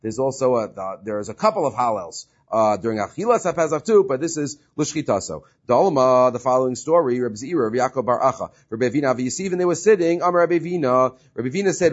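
A man's voice: mid-range voice, animated, quick pace, hardly any pauses. A man teaching a Talmud study class, reading Hebrew and Aramaic text and paraphrasing it with frequent fillers and restarts. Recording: dull lo-fi recording.

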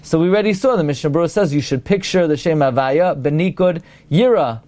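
A man's voice: fairly high pitch, fast, dark tone. A man, a rabbi, giving an explanatory Torah study lecture, reading Hebrew passages aloud and translating them. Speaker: rabbi teaching a class.

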